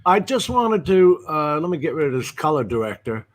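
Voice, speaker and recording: A man on a video call panel talks through his screen and slips in blunt, dry jokes. His voice sits a little high. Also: big pitch swings, normal speed. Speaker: panel guest. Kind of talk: casual panel chat.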